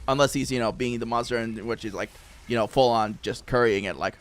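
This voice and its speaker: A man's voice: on the low side, normal speed. A young man chatting and joking through a gaming stream, laughing often. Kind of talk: casual gaming stream chat.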